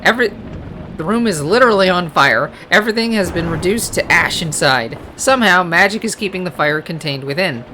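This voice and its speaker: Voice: medium pitch, expressive, a little fast, pushed and bright, slight background noise. A gamer reading a card game's text aloud, breaking into hesitant casual asides and self-corrections. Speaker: let's play gamer. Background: game music.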